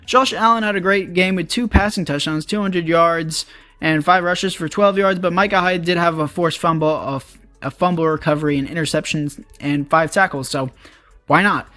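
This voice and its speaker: Young man, casual game commentary, chatty, upbeat, slightly high voice, dry close mic. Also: moderate pace, pushed and bright, dry recording, faint music behind. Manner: chatty, upbeat, addresses viewers as boys. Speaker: gaming YouTuber.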